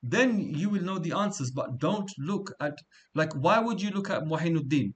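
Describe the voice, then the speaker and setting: A man's voice: on the high side, lively intonation, normal speed. A middle-aged man teaching a class in an informal, conversational way, often checking in with "right?" and repeating himself as he talks. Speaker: seerah teacher.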